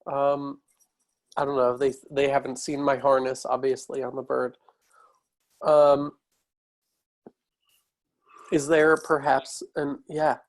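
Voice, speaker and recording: A man's voice: medium pitch, flat delivery, slow, pauses often. A man playing in a tabletop game, rambling and searching for words in casual chat. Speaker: player.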